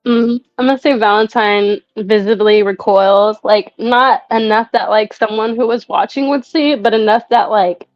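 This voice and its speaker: A woman's voice: medium pitch, fairly even intonation, normal speed, few pauses, faint music behind. A woman player describing her character's actions in a chatty, giggly way. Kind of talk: casual tabletop play. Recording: dry, dull lo-fi mic.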